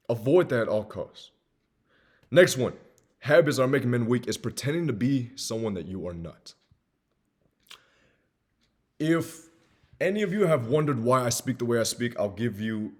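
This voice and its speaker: A young man in his twenties with a faint Southern US accent, talking earnestly to camera as a self-improvement host. He is emphatic and repetitive, swinging between loud urging and quiet confession. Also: on the low side. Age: 20s. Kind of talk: earnest personal monologue.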